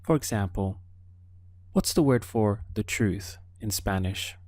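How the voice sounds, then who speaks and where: A man teaching an audio language lesson, prompting the listener patiently and pausing for answers. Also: on the low side, lively intonation, a little mellow, no room sound. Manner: slow, patient prompting with pauses for the learner.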